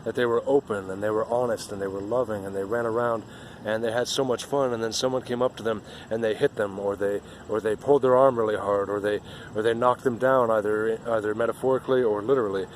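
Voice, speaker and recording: A man's voice: lowish voice, fairly even intonation, fast talker, slight background noise. A man giving an earnest, rambling spiritual monologue outdoors, often repeating himself.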